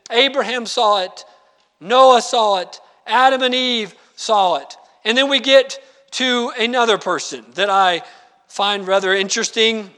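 A man preaching a sermon, animated, acting out quoted lines and reading scripture slowly. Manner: animated, acts out quoted lines with sudden pitch jumps; reads scripture slowly and deliberately. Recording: long hall reverb.

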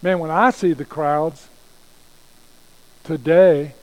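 A man's voice: a little high, fairly even intonation, slow pace, poor audio. A pastor preaching a conversational sermon, repeating phrases and restarting his sentences as he goes.

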